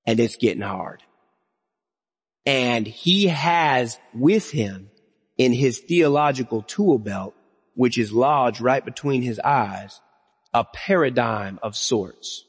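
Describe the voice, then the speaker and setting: A man's voice: mid-range voice, lively intonation, slow pace, husky. A man preaching a sermon, earnest and building to emphatic raised lines. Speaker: pastor. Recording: long reverb of a hall.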